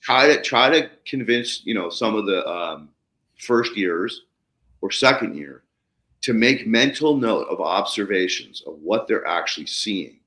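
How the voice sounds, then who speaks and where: A low-voiced man hosts a casual podcast chat, spinning stories with big, lively swings in his delivery. He swears offhandedly and acts out surprise with a jump in his voice. The sound is roomy and echoey. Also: a little slow. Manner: animated, swings sharply higher when acting out excitement, swears casually. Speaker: podcast host. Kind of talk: casual storytelling conversation. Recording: roomy echo.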